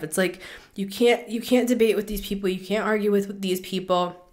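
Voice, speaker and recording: A woman's voice: mid-range voice, steady tone, a little fast, a little mellow. A woman hosting a spiritual reading show, talking earnestly to listeners and repeating words for emphasis, a little out of breath. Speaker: spiritual reader, show host. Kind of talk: intuitive reading monologue.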